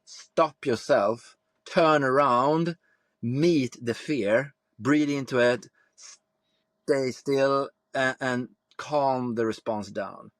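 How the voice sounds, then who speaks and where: A man's voice: mid-range voice, drawn-out words, no echo, clean studio sound. A man from Sweden, a guest on a podcast interview, reflective and plain-spoken, who swears casually.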